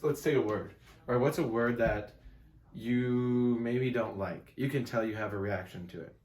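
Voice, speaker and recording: A man's voice: on the low side, a little mellow, roomy sound. A man, a self-help coach, teaching casually to camera in a room with a whiteboard, talking conversationally and emphatically and checking in with the listener often.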